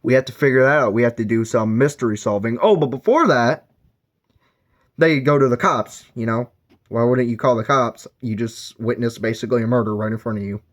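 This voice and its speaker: A man's voice: mid-range voice, a little fast. A man giving a casual book review, rambling with lots of fillers and self-corrections.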